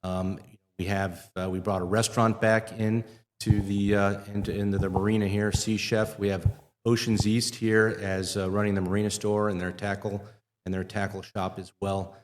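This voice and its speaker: A man's voice: lowish voice, flat delivery, moderate pace. A middle-aged man from the Midwest, a marina owner talking in a casual interview with many fillers and restarts. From Wisconsin, US Midwest. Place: live show at a fishing center. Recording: long reverb of a large live venue.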